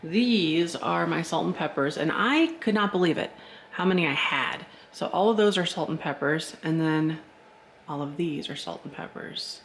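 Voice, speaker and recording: A man touring his vintage shop on a casual vlog, thinking out loud and chuckling as he goes, recorded on a handheld camera and later a phone. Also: a little high, moderate pace, creaky, a little hiss or hum. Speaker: shop owner and vlogger. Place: indoor vintage shop room. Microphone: handheld camera, then phone.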